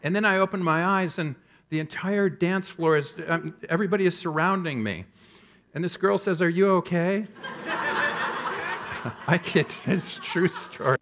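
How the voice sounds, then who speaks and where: A man in his fifties, a public health professor, giving a conference keynote with animated storytelling and self-deprecating humor. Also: sits high, moderate pace, a little hiss or hum.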